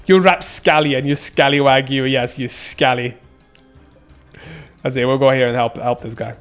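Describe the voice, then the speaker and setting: A man's voice: mid-range voice, normal speed, fairly bright tone. A young man doing casual gameplay commentary, rambling and joking as he reads chat. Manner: joking, rambling, laughs often, silly sound effects. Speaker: streamer. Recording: faint music behind.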